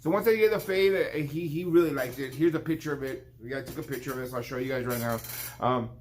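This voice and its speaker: A man's voice: medium pitch, quick pace, slight background noise. A man in his fifties, a barber hosting his own vlog, telling a shop story in a rambling, casual way and acting out his client's lines. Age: 50s.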